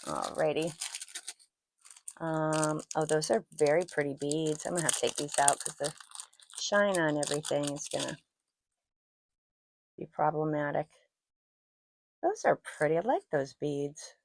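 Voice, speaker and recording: A woman with a low, creaky voice talks at a measured pace, pausing often, with a faint hiss or hum in the background. She hosts her own jewelry channel and chats casually while showing off pieces, gushing over each one and making self-deprecating asides. She's recorded on a personal microphone she wears as she talks.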